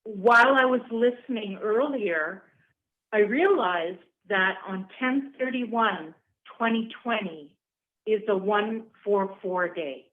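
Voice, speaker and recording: A woman's voice: medium pitch, slow pace. A woman calling in to a radio show, talking in a grateful, slightly hesitant way. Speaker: caller. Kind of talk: call-in radio talk. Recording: phone line.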